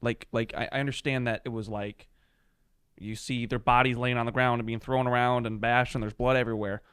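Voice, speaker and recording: A man's voice: medium pitch, little pitch movement, brisk, a bit bright, clear, resonant tone, no echo. A male podcast host with a mid-range voice presses his guest with questions while acknowledging the pressure the guest was under. The recording is dry and close. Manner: probing but sympathetic questioning. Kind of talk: interview questions.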